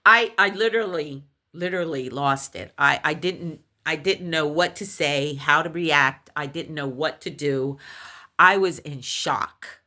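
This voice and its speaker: Woman, storyteller: low-pitched, unhurried, recounting a personal paranormal tale, animated and halting. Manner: animated storytelling, acts out others' voices in high shrieks; halting restarts when shaken.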